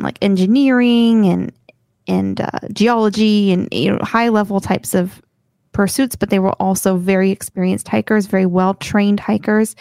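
A woman's voice: medium pitch, darkish tone, dry recording. A woman co-hosting a podcast who tells a story from her notes in a loose, giggly way, often stumbling over her words. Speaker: podcast co-host. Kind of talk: casual podcast chat, telling a story from notes.

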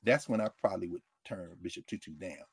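A man giving a lively, conversational political commentary monologue, often acting out quotes from others. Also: deep voice, fast talker, vocal fry, breathy edge, dry recording, studio quality. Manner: animated, conversational, quoting others in character.

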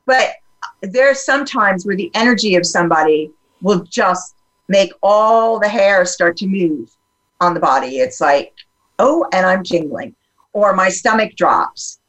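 A woman talking openly in a casual podcast conversation, animated and full of fillers and restarts. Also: mid-range voice, a little slow, rough recording.

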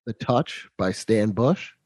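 A man's voice: fairly low pitch, animated, slow, darkish tone, dry recording. A man in his thirties chatting casually and enthusiastically about a movie he loves. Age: 30s. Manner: enthusiastic, nostalgic fan talk. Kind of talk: casual chat.

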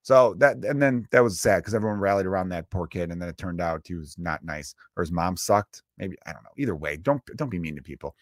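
A man's voice: deep voice, animated, fairly quick, hardly any pauses, no echo, clean studio sound. Profane rambling man on a podcast mic. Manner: profane, rambling, acts out voices with sudden loud bursts. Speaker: comedian podcast host. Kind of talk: casual comedic monologue. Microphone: close podcast mic.

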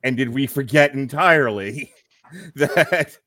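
A man chatting casually as a podcast co-host. His pitch swoops around as he talks, and he breaks into laughter and acts out little quotes. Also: lively intonation, slow, sharp tone, no room sound, studio quality. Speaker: podcast co-host reviewing a film. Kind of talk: casual chat.

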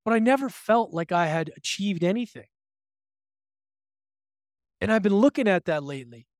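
A man's voice: high voice, expressive, normal speed, no echo, studio quality. A man hosting his own podcast, talking alone in a candid, reflective way, retelling a conversation and giving motivational advice, with the odd swear word. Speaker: podcast host. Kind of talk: reflective solo podcast monologue.

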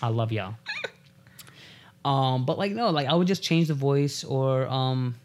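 A man's voice: mid-range voice, normal speed, slight background noise. A man who is a guest on a podcast, chatting casually and rambling through joking stories.

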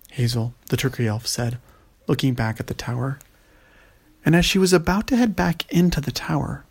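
Gravelly male storyteller. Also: mid-range voice, moderate pace. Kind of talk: scripted story narration.

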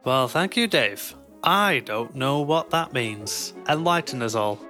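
Bright, lively man player. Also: medium pitch, unhurried, soft background music. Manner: giggly, self-mocking. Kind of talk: casual podcast banter.

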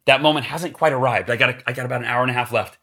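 A man's voice: mid-range voice, very fast, creaky. A man telling a motivational sales story as a podcast guest, acting out the quoted lines. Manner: animated, acts out quotes, motivational.

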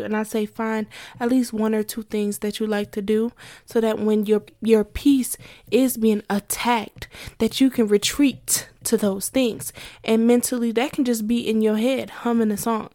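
A woman's voice: a little high, warm tone, dry recording, clean studio sound. A young adult woman talking candidly to her listeners in a casual monologue, laughing often between points.

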